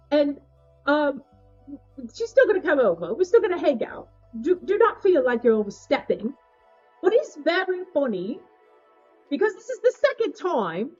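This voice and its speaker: A woman putting on a deliberately bad cockney British accent, chatting playfully with hammy British slang. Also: mid-range voice, darkish tone, slightly rough, lo-fi sound, pitched below the performer's own voice.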